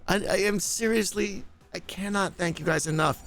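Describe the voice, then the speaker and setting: A man's voice: high-pitched, moderate pace, vocal fry, hardly any pauses, fairly bright tone, no room sound, faint music behind. A man streaming live, rambling and laughing as he thanks viewers in a flustered, casual chat.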